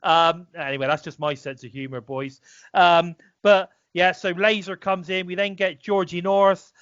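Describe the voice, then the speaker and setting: British man, casual wrestling chat, rambling and filler-heavy, slightly high voice, dry dull lo-fi sound. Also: fairly even intonation, normal speed, a bit bright, clear, resonant tone, no echo. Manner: rambling, many fillers and restarts. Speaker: podcast co-host.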